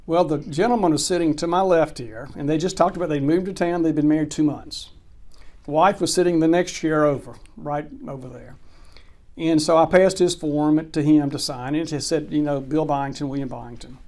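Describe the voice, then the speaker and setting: Brief: male closing attorney, animated interview storyteller who voices each character. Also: fairly high pitch, normal speed. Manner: animated anecdote teller, acts out quoted dialogue. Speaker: real estate closing attorney.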